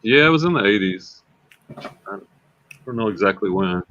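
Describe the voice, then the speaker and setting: A man's voice: on the low side, lively intonation, moderate pace, a bit bright, slight background noise. A man hosting a casual livestream, chatty and repeating words as he thinks aloud. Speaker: livestream host and reseller. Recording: slightly dull lo-fi sound.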